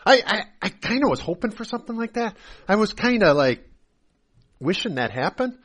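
A pastor delivering a sermon, his voice sitting a little higher than most men's. He swings between booming emphasis and soft, confessional asides, acting out the people he quotes along the way. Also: sing-song, moderate pace, breathy edge.

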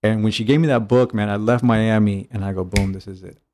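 A man who is a catching coach and trainer, chatting casually on a podcast and telling stories with lively acted-out dialogue and easy swearing. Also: lowish voice, a little fast, a little hiss or hum. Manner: animated storyteller, acts out dialogue, swears casually.

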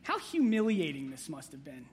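High-voiced pastor giving a joking sermon. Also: male voice, sing-song, normal speed. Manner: conversational, humorous, with playful asides to the congregation.

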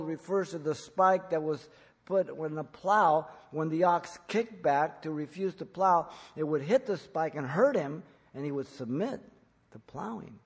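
A man preaching an expository sermon in church, emphatic, rising to loud peaks when quoting. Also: on the high side, unhurried, breathy edge, in a large hall. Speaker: pastor.

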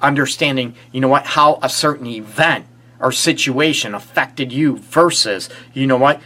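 A man's voice: mid-range voice, moderate pace, sharp tone. A middle-aged man, a relationship therapist, giving earnest advice on a live stream and asking rhetorical questions. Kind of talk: casual advice talk to a live audience.

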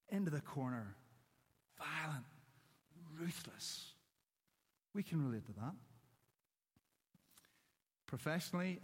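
A man preaching a sermon with a punchy, anecdotal delivery, stressing points with short one-word lines. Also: a little high. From Northern Ireland. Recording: church hall with long reverb.

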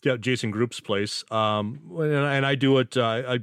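A man's voice: medium pitch, unhurried, a bit bright, clear, resonant tone, no echo. Joking, rambling man, dry sound. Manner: joking, rambling, self-mocking. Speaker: podcast host. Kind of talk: casual chat.

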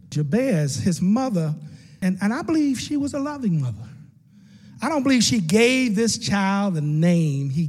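A man preaching a sermon as pastor, dropping to low murmurs and rising to shouted, half-sung peaks. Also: slightly rough, big-room sound.

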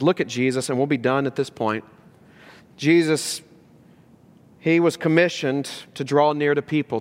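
A male pastor preaching a sermon, lively and emphatic, asking rhetorical questions and dropping low and earnest for serious points. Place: church sanctuary. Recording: long hall reverb in a church.

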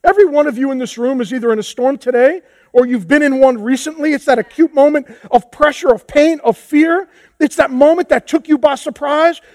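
A man preaching a passionate sermon as pastor, moving from hushed tones to shouts. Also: very high voice, fairly quick, no room sound. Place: church hall with a congregation.

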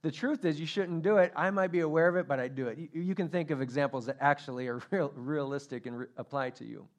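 A man preaching a sermon as pastor, telling a story with animated, acted-out quotes. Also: a little high, quick pace.

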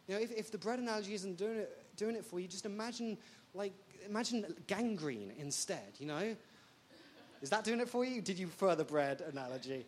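Lively woman preaching a sermon. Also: mid-range voice, brisk, a little hiss or hum. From England. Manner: animated, jokey, full of rhetorical questions.

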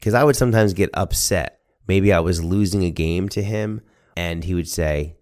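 Deep-voiced man telling a family story. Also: unhurried. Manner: earnest, animated, acts out voices. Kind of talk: personal storytelling podcast.

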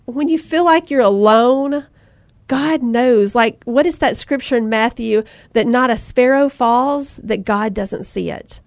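A woman with a voice on the high side hosts a faith-based podcast, recorded with no echo. She chats warmly and speaks encouragement with emotion, almost preaching it.

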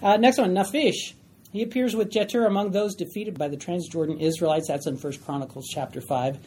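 A woman's voice: on the low side, fairly even intonation, fairly quick, dark tone, a little hiss or hum. A woman teaching a Bible study class, emphatic and often questioning her group.

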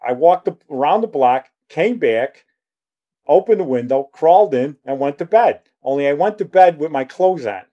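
A man's voice: a little high, lively intonation, moderate pace, mellow, muffled recording. A man in his sixties telling a rambling personal story, acting out the dialogue as he goes.

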